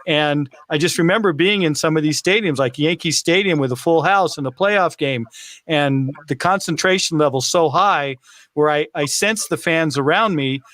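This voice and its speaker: A man, a sports camera operator, chatting casually as a guest over a video call, halting and restarting his sentences. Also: a little high, fairly bright tone, no echo.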